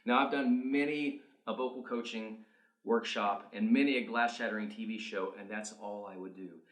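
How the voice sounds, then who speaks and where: A man working as a vocal coach, talking singers through warm-up exercises in an energetic, coaching manner. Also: on the low side, normal speed. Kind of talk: instructional video demonstration. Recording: roomy echo.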